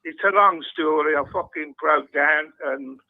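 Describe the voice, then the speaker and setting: A man's voice: fairly high pitch, measured pace, a little hiss or hum. A man calling into a phone-in show, telling a rambling story with heavy swearing. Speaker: caller. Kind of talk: phone-in call. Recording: phone line.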